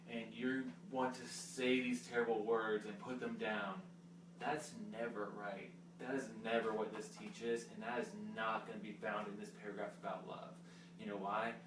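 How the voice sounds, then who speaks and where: A man's voice: medium pitch, roomy sound, recorded from a distance, background noise. A young man, a pastor, talking through a sermon in a casual, earnest, sometimes teasing way. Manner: earnest, teasing, conversational preaching.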